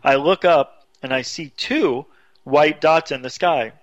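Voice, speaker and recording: A man telling a story casually as a radio show guest, animated, jumping his voice high when he quotes people. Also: a little slow, no room sound, highs cut off. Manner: animated, acts out quotes with sudden high pitch.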